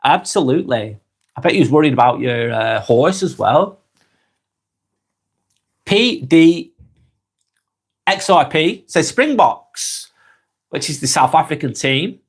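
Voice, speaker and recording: A man from northwest England with a Lancashire accent, talking calmly on a live stream, reading out viewer comments and musing with frequent repeats and restarts. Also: fairly high pitch, takes it slowly, long pauses, husky. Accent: Lancashire English. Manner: calm, musing, repeats words and restarts often.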